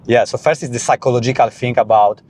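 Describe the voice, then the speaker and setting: Man talking in a car, quick and animated. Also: mid-range voice, a little hiss or hum. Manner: animated, frequent restarts and "you know". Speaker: podcast guest. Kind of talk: casual conversation.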